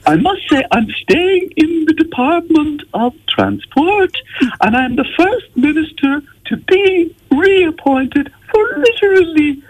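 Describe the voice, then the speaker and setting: A man impersonating a drowsy transport minister who speaks slowly and drawn out. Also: very high voice, big pitch swings, full character voice, low-quality recording. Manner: slow, drawn-out.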